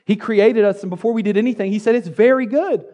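A man preaching a sermon on a church stage, playful and energetic, joking and repeating key phrases. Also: sits high, fast, dull audio. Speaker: pastor.

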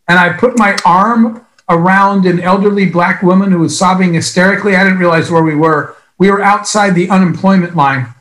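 A man giving an earnest, emphatic motivational speech at a business event, telling stories with long pauses. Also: high-pitched, a bit bright, reverberant, poor audio.

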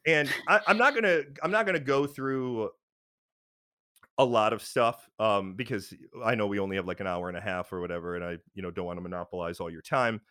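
A man's voice: lowish voice, fairly quick, bright, forceful tone, no room sound, studio quality. A man telling a personal story in casual chat, frank and rambling with many fillers and restarts.

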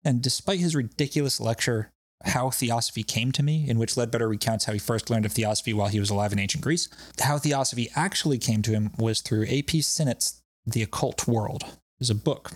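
Here a podcast host with a husky, medium-pitched voice speaks fairly quickly, laughing and cursing through loosely told stories. The casual chat is a dry recording with clean studio sound.

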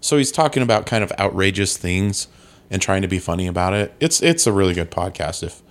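A man's voice: low-pitched, animated, fairly quick. A man co-hosting a podcast, chatting casually and joking with easy laughs. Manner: joking, rambling, laughs often. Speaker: podcast co-host. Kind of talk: casual chat.

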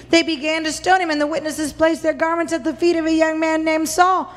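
A woman preacher giving an impassioned sermon, acting out quoted voices with big swings in pitch. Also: fairly quick, few pauses, long reverb tail. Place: church.

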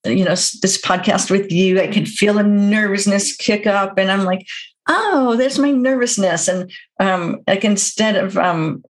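A woman talking as a guest on a podcast in a reflective, gentle way, often laughing softly. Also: mid-range voice, fairly even intonation, moderate pace. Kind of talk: casual podcast conversation.

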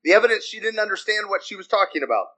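A man preaching a sermon, chatty and animated, asking his listeners questions and moving between loud dramatic reading and soft asides. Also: high-pitched, racing, poor audio. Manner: animated, conversational, asks the congregation questions.

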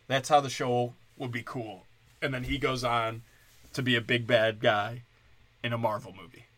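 A man's voice: mid-range voice, a bit bright, no echo. A male comedian ranting sarcastically, crude and full of curses. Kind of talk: profane comedic rant.

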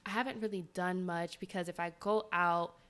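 A woman hosting a podcast, casually telling a personal story in an animated, dramatic way and speaking directly to her listeners. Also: lowish voice, moderate pace, clean tone. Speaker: podcast host.

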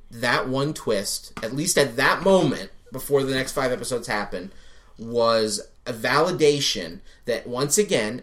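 A man co-hosting a podcast, chatting casually and excitedly, swearing freely and acting out his own reactions. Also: mid-range voice. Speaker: podcast co-host. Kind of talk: casual chat reviewing a TV show.

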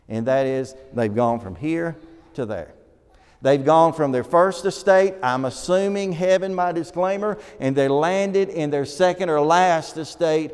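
A quick-talking preacher in a ringing hall. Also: male voice, fairly high pitch, a little mellow, smooth. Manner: quick-paced Bible teaching, reads scripture aloud. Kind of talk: sermon. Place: church auditorium. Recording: long reverb of a church hall.

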